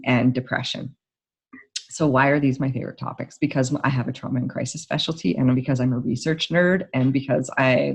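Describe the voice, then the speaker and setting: A woman grief therapist giving a casual, excitable talk to camera, full of "like" fillers. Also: low-pitched, creaky, slightly rough. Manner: chatty and excitable, many "like" fillers.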